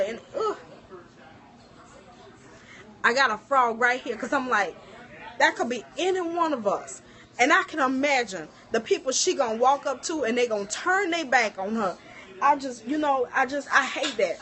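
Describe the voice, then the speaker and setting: A middle-aged woman chats casually on a livestream from her kitchen. She tells stories with energy and keeps turning to her viewers as y'all. Her voice sits fairly high. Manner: animated storytelling, addresses viewers as y'all. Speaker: livestream host. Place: home kitchen.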